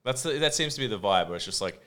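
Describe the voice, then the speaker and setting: A man's voice: lowish voice, lively intonation, racing, fairly bright tone, clear, resonant tone. A man in casual chat, telling loose rambling anecdotes and swearing.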